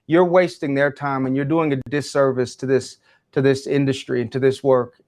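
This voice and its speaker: A medium-pitched man, an education speaker appearing as an interview guest, answers in a passionate, emphatic, preacherly way.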